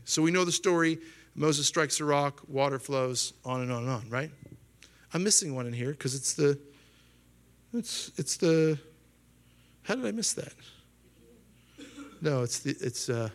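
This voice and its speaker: A pastor in his thirties preaches a sermon animatedly, raising his pitch to act out quoted voices. He frequently puts questions to the congregation, speaking at a moderate pace with long pauses.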